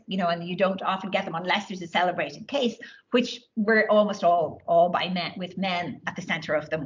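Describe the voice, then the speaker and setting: A woman's voice: lowish voice, a bit bright, highs cut off, a little hiss or hum. A woman giving a lecture and taking questions, talking with many fillers and restarts. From Ireland. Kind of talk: academic talk with audience questions. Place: lecture room.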